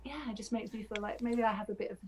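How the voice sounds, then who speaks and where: A woman's voice: on the high side, steady tone, quick pace, a little hiss or hum. Chatty woman hosting a podcast. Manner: chatty, rambling storyteller, laughs often. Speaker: podcast host. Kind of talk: casual chat.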